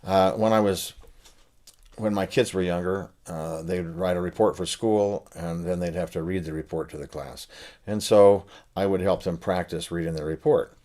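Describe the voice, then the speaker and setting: An older man explaining musical phrasing in a relaxed spoken lesson, pausing with fillers as he thinks aloud. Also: deep voice. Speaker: saxophone teacher and author. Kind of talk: casual spoken lesson to camera.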